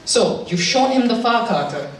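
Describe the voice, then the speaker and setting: A man's voice: sits high, lively intonation, a little slow, a bit bright. A man doing stand-up comedy, teasing and coaxing the audience through a routine with self-mocking jokes. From India. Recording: distant mic in a very echoey hall with noise.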